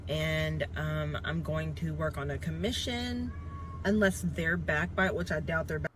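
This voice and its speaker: A woman's voice: deep voice, fairly even intonation, unhurried. Rambling woman vlogging from a noisy car. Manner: rambling, hesitant with many ums. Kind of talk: casual vlog chat. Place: inside a car at a drive-through. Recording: vlog clip with loud car noise.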